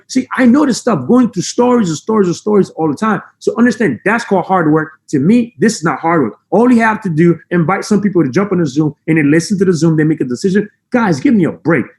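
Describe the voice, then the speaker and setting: Male motivational speaker, high voice, accented English, intense and emphatic. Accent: non-native English. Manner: intense, emphatic, fast-talking. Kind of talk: high-energy motivational talk. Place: room with a camera.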